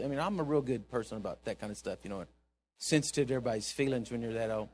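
A man, a pastor preaching a sermon in church, telling a story and swinging from hushed asides to loud exhortation. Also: mid-range voice, very fast.

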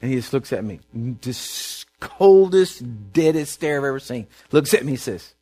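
Animated Texan man telling a testimony. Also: medium pitch, unhurried, faint music behind. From Texas. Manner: animated, folksy storytelling with repeated words. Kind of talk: sermon storytelling.

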